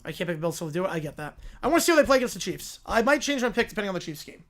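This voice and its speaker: A man's voice: high-pitched, very fast. Laid-back male live stream host. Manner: relaxed, reads chat and emails aloud. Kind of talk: casual live stream chat.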